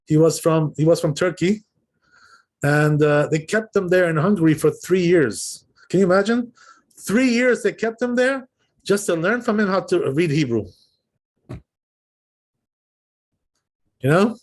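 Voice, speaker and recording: A rabbi's high-pitched voice, with lively intonation, carries a slightly slow informal lesson full of long pauses. Teaching his class, he explains things, pronounces words aloud as examples, and repeatedly asks "right?" and "you know?".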